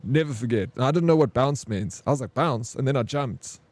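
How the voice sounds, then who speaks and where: South african man, thirties, game streamer, rambling storyteller, mellow tone, dry close sound. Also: mid-range voice, lively intonation, quick pace, no echo. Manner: laid-back rambling storyteller, laughs easily. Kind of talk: casual livestream chat.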